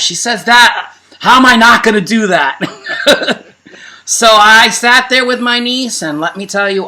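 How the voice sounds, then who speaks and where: A man with a Brooklyn accent co-hosts a relaxed show, recounting stories with animation and a ready laugh. His voice sits high and sounds bright. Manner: animated storyteller, laughs often. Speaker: co-host. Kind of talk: casual chat.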